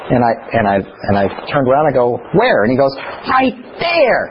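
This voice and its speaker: A man teaching scripture in a chatty, animated way, telling stories between points. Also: mid-range voice, quick pace, muffled recording, slight background noise. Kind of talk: bible teaching.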